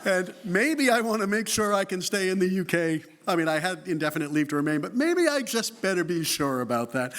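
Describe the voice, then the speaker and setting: A man's voice: sits high, sing-song, brisk, hardly any pauses, a bit bright. A man in his fifties from Boston with a Boston accent, giving a wry, self-deprecating public history lecture with conversational restarts. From Boston, United States. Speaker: guest lecturer, history professor.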